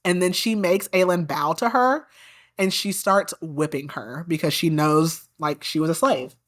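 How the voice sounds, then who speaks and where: A woman's voice: deep voice, unhurried, fairly bright tone. A woman hosting a podcast, recapping a book in a casual, chatty way, full of "like" and indignant asides about the characters. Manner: chatty, peppered with "like". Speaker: podcast host.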